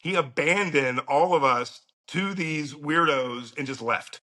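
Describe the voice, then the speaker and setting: Man, middle-aged, podcast guest, casual storytelling, blunt, profane, crisp bright tone. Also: on the high side, slow. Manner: blunt and profane, laughing through a grim story.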